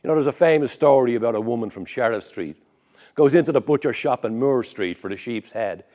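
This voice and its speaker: A man's voice: medium pitch, fairly quick, dark tone. A man with a Dublin accent telling comic stories on stage in a wry, conversational way. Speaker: storyteller. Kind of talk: comic storytelling performance.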